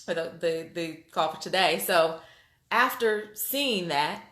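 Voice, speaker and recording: Excitable woman vlogger, roomy echo. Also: lowish voice, takes it slowly. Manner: animated, excitable, many fillers and restarts. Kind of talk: casual storytelling to viewers.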